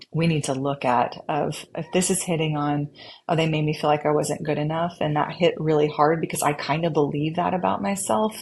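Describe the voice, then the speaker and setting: Low-voiced woman talking earnestly. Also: slight background noise. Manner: warm, earnest, acts out inner dialogue in quotes. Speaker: podcast guest. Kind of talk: reflective conversation.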